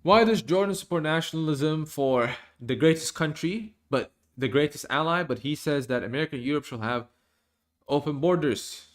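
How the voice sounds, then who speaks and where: A man's voice: on the high side, lively intonation, normal speed. A man giving casual, rambling stream commentary, with many fillers and restarts.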